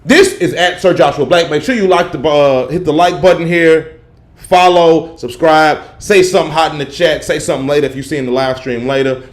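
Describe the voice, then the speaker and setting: A young man hosting a casual podcast livestream, telling an animated story in profane slang and laughing often. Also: fairly high pitch, moderate pace. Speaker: podcast host. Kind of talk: casual solo livestream chat.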